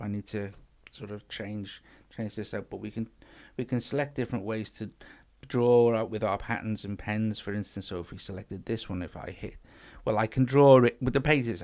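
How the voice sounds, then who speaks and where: A man with a fairly low voice hosts a casual music app demo, talking at normal speed with hardly any pauses. It's a tutorial talk-through where he chats and thinks aloud as he works, often restarting phrases.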